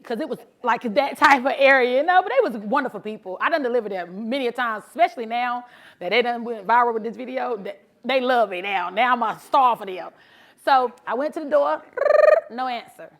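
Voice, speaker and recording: A woman who drives trucks, telling her story in a bubbly, animated motivational speech to a live audience and talking casually to the crowd. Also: on the high side, brisk. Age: adult, mother of sons. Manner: casual, chatty, addresses crowd as honey and y'all. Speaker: truck driver and social media creator. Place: live event before an audience.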